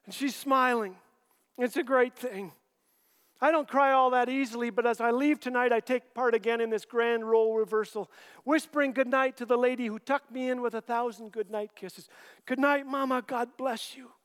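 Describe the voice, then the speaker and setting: A middle-aged man with a notably high voice tells warm, wry stories with dry punchlines. His voice rings out in a hall with a long reverb. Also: fairly even intonation, moderate pace, clear, resonant tone. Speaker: Christian humorist and author. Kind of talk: storytelling talk.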